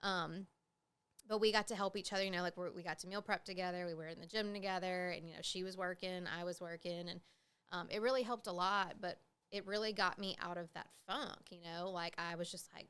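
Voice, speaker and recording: A woman's voice: lowish voice, steady tone, a little fast, fairly bright tone, smooth. A woman, hosting a podcast and telling her own story candidly, with plenty of fillers and swearing. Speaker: podcast host. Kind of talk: casual personal storytelling.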